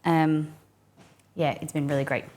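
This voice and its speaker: A young Australian woman with a mild, mixed and softened accent chats casually on a live cooking stream, rambling and answering viewers. Her voice is deep and darkish, with a flat, unhurried delivery.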